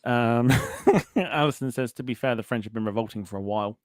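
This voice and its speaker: A man's voice: mid-range voice, brisk, darkish tone, no room sound, studio quality. Jokey man reading chat aloud. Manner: jokey, laughs often between comments. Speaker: podcast host. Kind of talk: casual chat, reading out live chat comments.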